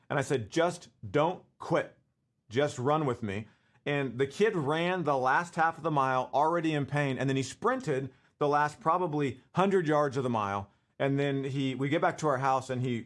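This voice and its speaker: Guy in his 40s doing a leadership video, casual rambling talk, middle pitch, fillers all over. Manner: conversational, full of fillers and restarts, laughs while telling stories. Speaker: speaker giving a leadership talk. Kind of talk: casual solo talk to camera.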